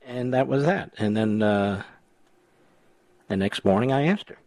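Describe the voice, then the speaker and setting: A man's voice: fairly low pitch, a little slow, a little mellow, no room sound. A man hosting a talk radio show, chatting with callers and telling stories in a teasing way. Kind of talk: talk radio chat and monologue. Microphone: studio mic.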